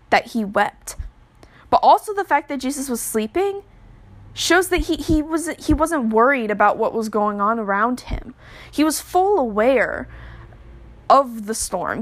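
A woman's voice: a little high, fairly bright tone. Earnest young woman giving a devotional talk. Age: young adult. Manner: earnest, many fillers and restarts. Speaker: podcast devotional speaker.

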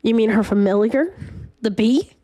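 Lady doing a cocky guy with a shaky fake aussie accent, taunting, high and bouncy. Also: expressive, moderate pace, warm tone. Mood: sly. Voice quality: weak mock Australian accent. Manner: cheeky, taunting, laughing between lines. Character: brash mocking male stranger boarding ship.

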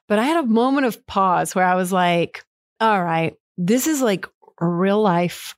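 A woman's voice: medium pitch, unhurried, dry recording. Candid woman podcast host, dry sound. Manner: candid, rambling, with frequent fillers and self-quotes. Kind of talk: reflective solo monologue.

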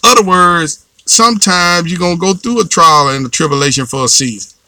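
A man's voice: fairly high pitch, brisk, pushed and bright, no echo. A man preaching a fervent sermon, urging the congregation with repeated calls and responses. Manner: fervent, repetitive exhortation with call-and-response.

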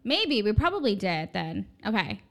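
A young woman co-hosting a casual podcast chat, jumpy and quick to laugh. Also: mid-range voice, big pitch swings. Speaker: podcast co-host.

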